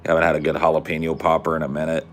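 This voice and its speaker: A man's voice: extremely low pitch, monotone, very fast, slight background noise. A man from the United States co-hosting a podcast, trading casual banter and ranting in a profane, teasing way. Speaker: podcast co-host.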